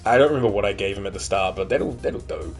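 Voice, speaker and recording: A man's voice: lowish voice, fast, faint music behind. A man giving loose, casual commentary while playing a game, chatty and swearing now and then. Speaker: gaming streamer. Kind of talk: casual let's-play commentary.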